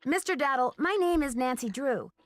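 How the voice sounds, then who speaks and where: Nancy Drew. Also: female voice, high voice, lively intonation, moderate pace, no echo. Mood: earnest. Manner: polite, earnest. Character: young woman detective, polite and earnest. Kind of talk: video game voice acting.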